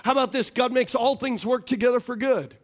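A man's voice: extremely high pitch, a little fast. A man preaching as a pastor, joking and laughing often, on a wireless stage mic in a church. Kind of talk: sermon.

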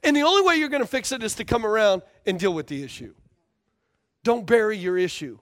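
A man's voice: sits high, animated, a little fast. A man preaching a sermon as a pastor, emphatic and repetitive, often asking the congregation for responses.

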